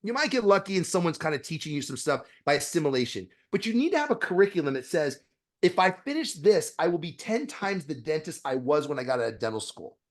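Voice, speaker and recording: A man who is a dentist, a guest on a podcast interview, talking bluntly with profanity and animated storytelling. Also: a little high, fast talker.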